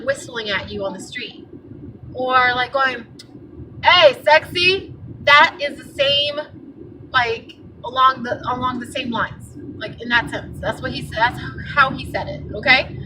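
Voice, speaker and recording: A young woman vlogger telling a story in a casual, animated, indignant way, full of fillers. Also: high-pitched, recorded from a distance, background noise. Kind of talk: casual vlog rant.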